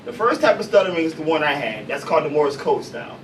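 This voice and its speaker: Fairly high-voiced stand-up comic man. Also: fast. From Chicago, USA. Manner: loose, profane, deadpan punchlines. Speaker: stand-up comedian. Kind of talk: stand-up comedy. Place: coffee house stage. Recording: distant mic, noisy café room.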